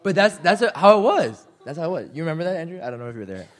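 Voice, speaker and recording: A young man preaching a sermon, animated and self-deprecating, acting out quotes with sudden jumps in pitch. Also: very fast. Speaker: pastor.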